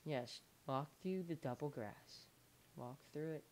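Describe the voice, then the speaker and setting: A man's voice: a little high, measured pace, darkish tone, a little hiss or hum. A young man giving playful let's play commentary, coaxing an animal along with lots of repeated encouragement. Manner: playful, coaxing and repeating himself as if talking to a pet. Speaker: gamer.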